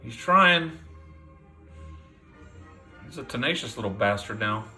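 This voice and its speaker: Male home vlogger, chatty and amused, animated pitch, crisp bright tone, soft radio music underneath. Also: a little slow. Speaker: backyard nature vlogger. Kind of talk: casual live commentary. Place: home by a back yard window.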